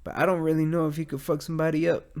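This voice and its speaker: A man's voice: a little high, level tone, racing, darkish tone. A young adult man, hosting a rambling, profane solo podcast from his garage. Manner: rambling, profane, laid-back. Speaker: podcast host. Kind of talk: casual solo podcast monologue. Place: home garage.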